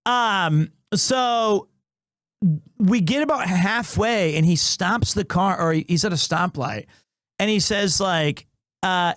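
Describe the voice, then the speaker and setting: A man streaming live, chatting casually with his viewers and telling animated stories peppered with Japanese phrases. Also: high-pitched, slow pace, dry recording, clean studio sound.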